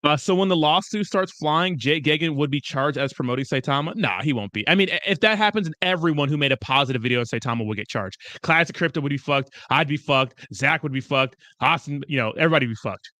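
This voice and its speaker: A young man runs a casual crypto livestream and swears his way through viewer comments in loose, chummy rambling. His voice sits fairly high for a man and swings up and down a lot. It is recorded close and dry, with no room sound. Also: fast, hardly any pauses, pushed and bright, dry recording.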